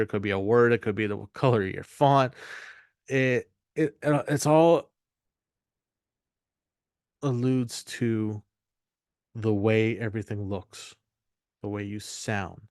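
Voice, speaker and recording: A man teaching an online marketing course, talking off the cuff, rambling and repeating himself and acting out quick asides. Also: medium pitch, no echo, clean studio sound. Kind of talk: unscripted course talk.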